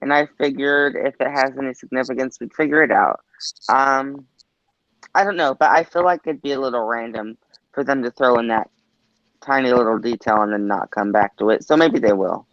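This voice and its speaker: A man's voice: medium pitch, moderate pace, fairly bright tone, no echo. A man joining a casual show discussion as a guest, hedging his ideas with "like" and "I don't know.". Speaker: guest panelist. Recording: dull dry lo-fi audio.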